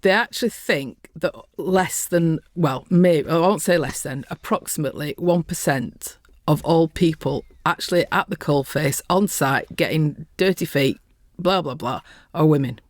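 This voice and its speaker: A middle-aged woman with a softened Lancashire accent, talking bluntly and earthily as a guest in a casual interview. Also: sits low, measured pace, few pauses, no echo, studio quality. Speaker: podcast guest, construction safety professional.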